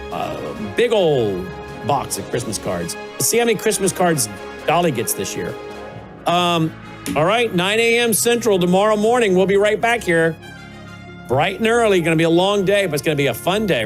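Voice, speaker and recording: A man's voice: on the high side, rough recording. A man hosting a talk broadcast, signing off and chatting playfully to his studio dog. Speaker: host. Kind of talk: broadcast talk show sign-off.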